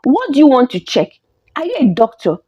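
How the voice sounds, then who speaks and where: A woman voicing a spiteful, scheming young wife who talks in a shrill, quarrelsome way. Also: wildly swooping pitch, brisk, dark tone, breathy edge, full character voice. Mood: snappish. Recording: dull lo-fi recording.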